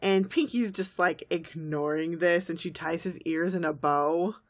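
A podcast co-host with a fairly low voice speaks at a measured pace, chatting and giggling as she gives a lively recap of a cartoon episode.

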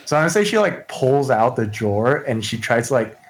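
A man's voice: medium pitch, very animated, brisk, poor audio. A man playing in a tabletop game, talking through his character's moves hesitantly, with many likes and restarts. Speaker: player.

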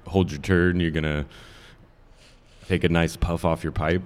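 Very deep-voiced man running a tabletop game. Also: unhurried. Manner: relaxed, chuckling, filler-heavy. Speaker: dungeon master.

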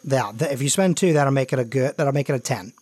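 A man runs a tabletop role-playing game as game master and narrates in a loose style full of fillers. His voice sits at a middle pitch. The sound is dry and close. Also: fast talker, darkish tone, no echo.

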